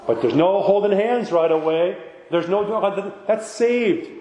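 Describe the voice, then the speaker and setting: Male priest, casual sermon delivery with rhetorical asides; higher-pitched, roomy reverberant hall. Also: moderate pace, mellow, a little hiss or hum. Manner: conversational, rhetorical "right?" asides. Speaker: Orthodox priest. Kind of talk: informal sermon talk. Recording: echoey hall with long reverb.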